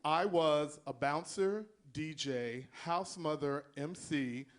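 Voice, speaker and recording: A man's voice: fairly high pitch, slow pace. A man from Texas doing a live stand-up set, telling stories in a sassy, flamboyant way with asides to the crowd. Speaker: stand-up comedian.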